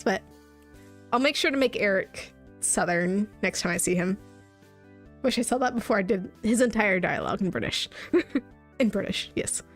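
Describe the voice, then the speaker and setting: A woman streamer giving casual, giggly, rambling commentary while playing a game. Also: mid-range voice. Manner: giggly, rambling, self-deprecating. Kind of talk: casual let's-play commentary.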